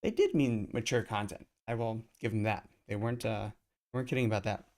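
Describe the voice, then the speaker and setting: A man's voice: a little fast, a little mellow. A man reading a comic book aloud live, with casual asides between panels. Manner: reads aloud, voicing characters with raised pitch.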